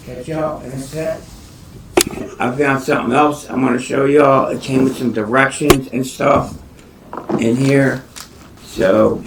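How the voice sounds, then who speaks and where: A young man talks loosely through an unboxing in his kitchen, often breaking into exclamations. He is picked up by a phone camera across the room, so he sounds distant in an echoey space. Steady background noise sits under his voice. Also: mid-range voice. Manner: loose, chatty, exclaims a lot. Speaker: hobby snake breeder vlogger. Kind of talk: casual unboxing vlog. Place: home kitchen. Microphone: phone camera set across the room.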